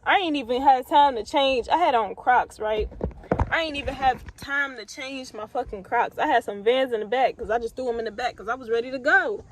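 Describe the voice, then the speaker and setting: A woman's voice: sits high, fairly quick, background noise. A young woman from the US Midwest telling a storytime in a blunt, profane, laid-back way with lots of fillers. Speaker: vlogger. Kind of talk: casual storytime.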